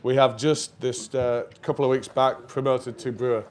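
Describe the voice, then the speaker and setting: Male brewery co-host, mid-pitched, loose and chatty delivery full of fillers. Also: little pitch movement, normal speed, noisy background. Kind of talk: casual live stream chat. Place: brewery taproom.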